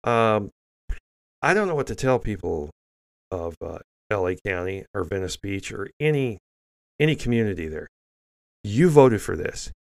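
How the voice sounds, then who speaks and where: An older man with a low, gravelly voice delivers opinionated news commentary. He is blunt and scornful, stumbling through restarts and fillers as he works through a list of stories. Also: very animated, moderate pace. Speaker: commentary show host.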